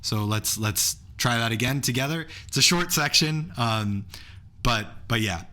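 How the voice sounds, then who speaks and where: Bright-voiced man teaching beatboxing. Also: medium pitch, normal speed, slight background noise. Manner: counts beats aloud and breaks into beatbox sounds; enthusiastic, loose, restarts often. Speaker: beatboxing instructor. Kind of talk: online workshop teaching.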